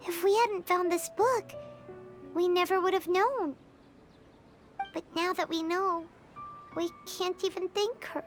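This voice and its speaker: A woman's voice: very high-pitched, measured pace, long pauses. A woman voicing a tiny, chatty floating companion sprite in a video game, who talks about herself by name. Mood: lively. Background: game music.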